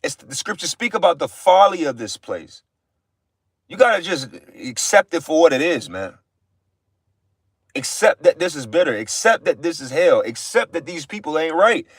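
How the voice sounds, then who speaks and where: Man, fairly high voice, blunt and profane, exhorting in an informal livestream sermon, dry sound. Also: fairly bright tone, no echo. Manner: repeats phrases for emphasis. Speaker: livestream preacher.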